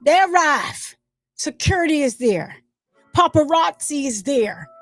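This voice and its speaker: A woman's voice: high voice, lively intonation, unhurried, no room sound, soft background music. A woman hosting a casual commentary channel, talking animatedly and with indignation, acting out the voices of crowds as she retells events.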